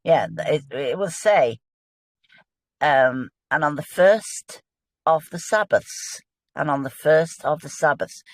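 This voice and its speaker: A woman's voice: low-pitched, expressive, takes it slowly, no echo. A woman, a guest in a casual religious discussion, explaining with earnest enthusiasm.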